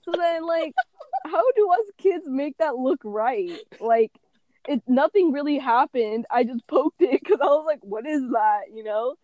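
A woman's voice: sits high, animated, unhurried, darkish tone, dry recording. Giggly rambling young woman, dry sound. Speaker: podcast host. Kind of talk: casual chat.

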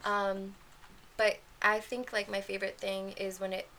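A woman's voice: medium pitch, little pitch movement, a little slow, sharp tone, slight background noise. A woman co-hosting a casual chat, rambling with many fillers and restarts. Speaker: podcast co-host.

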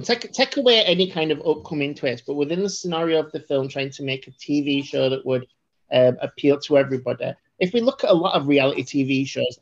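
A woman co-hosting a podcast talks through a film in casual, rambling chat. She restarts her sentences often and gets animated. The audio is a little dull and lo-fi. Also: low-pitched. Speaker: podcast co-host.

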